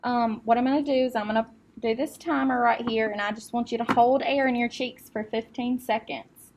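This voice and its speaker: A woman acting as speech clinician, giving calm step-by-step test instructions with occasional fillers. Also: a little high, a little fast, a little hiss or hum.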